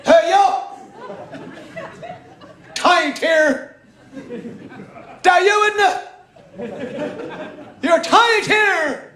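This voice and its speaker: Give me a man doing a loud, accusing young Irish lad with a high voice in an echoey hall. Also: very slow, long pauses, some chatter behind, exaggerated voice. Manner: shouting, defiant, boastful.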